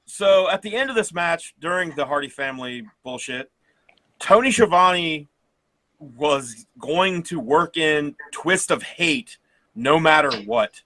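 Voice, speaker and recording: A man's voice: fairly high pitch, expressive, slow pace, sharp tone. A man co-hosting a podcast, chatting casually about wrestling in a rambling way with frequent laughs. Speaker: podcast co-host. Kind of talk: casual wrestling review chat.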